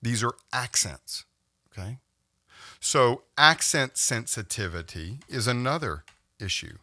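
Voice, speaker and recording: A man teaching a screen-recorded software tutorial, explaining step by step and checking in with "okay?" as he goes. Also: medium pitch, animated, slow, dry recording, clean studio sound. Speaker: instructor.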